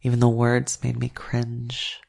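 A narrator reading a first-person erotic story aloud in a slow, hushed manner that often drops to a whisper. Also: mid-range voice, completely flat delivery, vocal fry.

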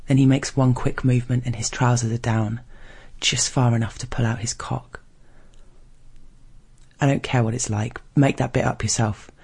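Man, erotic story reading, husky, breathy, monotone, measured. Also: medium pitch.

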